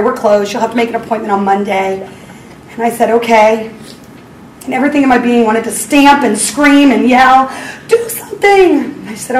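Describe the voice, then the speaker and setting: A woman in her forties telling parents a personal faith story in an earnest, storytelling way. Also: a little high. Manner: earnest storytelling, acts out her own prayers with rising emotion. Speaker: speaker at a school parenting talk. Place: school hall. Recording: echoey hall from far off, faint ambient noise.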